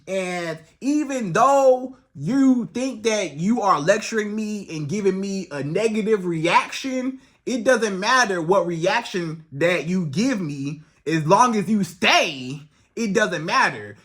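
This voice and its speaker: Man, dating-advice vlogger; bright, forceful voice; blunt, repetitive, casual. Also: high voice, lively intonation, a little slow. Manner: blunt, preachy, repetitive, slangy. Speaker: relationship coach.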